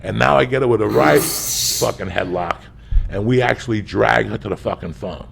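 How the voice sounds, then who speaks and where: A man from the New Jersey and New York area telling a comedic story as a podcast guest, loud and profane, swinging from shouts to low mutters. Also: normal speed, gravelly, background noise.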